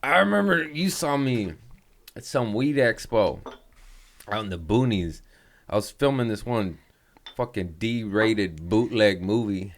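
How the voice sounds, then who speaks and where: A man's voice: on the low side, animated, measured pace, slight background noise. A man hosting a casual chat, telling loose joking stories with laughs and coughs. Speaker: comedian host.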